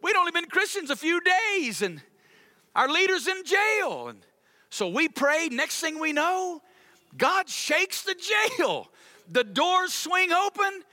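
A man voicing an eager early church member, retelling events in an excited, breathless way. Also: very high-pitched, takes it slowly, no room sound, clean studio sound, pitched above the performer's own voice, exaggerated voice.

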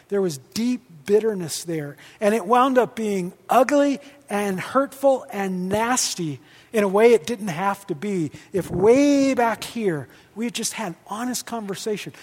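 A male pastor teaching on leadership in a lively, joking way, acting out quoted dialogue. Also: sits high. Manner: animated, jokey, acts out quoted dialogue. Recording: long hall reverb.

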